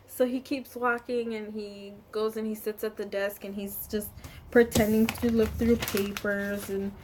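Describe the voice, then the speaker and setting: A woman vlogger telling a personal story in a casual storytime vlog, animated and swinging between hushed asides and loud exclamations. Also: mid-range voice, unhurried, noisy background.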